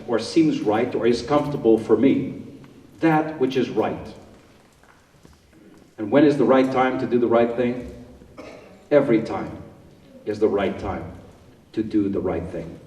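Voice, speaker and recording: A man delivering a formal commencement speech in an emphatic, rhetorical, measured cadence. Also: mid-range voice, dark tone. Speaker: commencement speaker. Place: large auditorium. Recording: echoey hall, distant mic, crowd.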